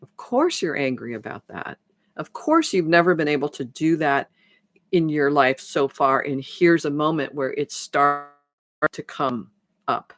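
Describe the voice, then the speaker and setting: A woman's voice: low voice, animated, measured pace, fairly bright tone. A woman transformation coach talking on a live stream, rambling with many restarts as she acts out conversations. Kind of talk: live-stream talk to viewers.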